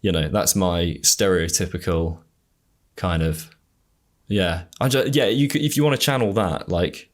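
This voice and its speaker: A podcast host with a fairly low voice and a southern English accent. He talks in a loose, rambling way, full of ums and restarts, and laughs often. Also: measured pace. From England. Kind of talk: casual chat.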